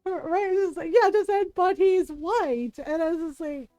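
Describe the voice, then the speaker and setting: High-voiced woman streamer chatting animatedly. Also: brisk, no echo, soft background music, low-quality recording. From United States. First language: bilingual in Tagalog. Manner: animated storytelling, frequent laughs and "right?". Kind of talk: casual chat while gaming.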